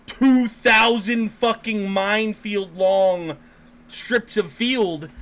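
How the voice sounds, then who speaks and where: Hyped gamer guy laying out big plans, high bright voice, swears constantly. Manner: profane, hyped, building schemes step by step. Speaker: podcast co-host. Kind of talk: casual gaming chat.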